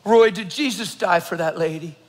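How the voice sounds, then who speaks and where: A high-voiced man preaching in a large church, his words trailing off into a long hall echo. He tells stories with sudden loud, excited bursts, then drops to hushed, earnest tones. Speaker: pastor. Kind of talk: sermon.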